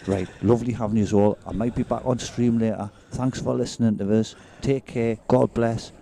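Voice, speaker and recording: A man's voice: mid-range voice, fairly even intonation, normal speed, gravelly, dark tone, a little hiss or hum. A man with a British accent commentating live on a pool match, chatting and joking with his co-commentator. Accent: British English. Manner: chatty, jokey, laughs often. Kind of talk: live sports commentary, casual banter.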